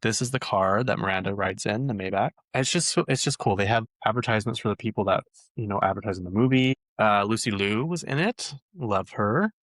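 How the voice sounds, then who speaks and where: A man chatting casually as a vlog host, gushing and excitable with lots of fillers. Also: fairly low pitch, fairly quick, few pauses, dry recording. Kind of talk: casual chat. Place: lives in Utah.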